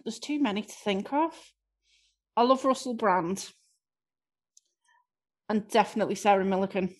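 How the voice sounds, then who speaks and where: A woman with a warm-sounding Scouse accent chats through interview questions, laughing at herself now and then. Her voice sits at an ordinary middle pitch, and she talks in a loose, casual way. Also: moderate pace. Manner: chatty, self-deprecating, laughs easily. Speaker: improv performer, interviewee.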